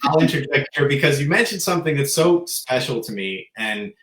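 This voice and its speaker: A man co-hosting a live spiritual Q&A, telling stories with enthusiasm and sometimes dropping to a soft voice. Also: mid-range voice, expressive, a little fast, roomy sound, slight background noise. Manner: enthusiastic storyteller, soft-spoken at times. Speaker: co-host. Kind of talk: live Q&A chat.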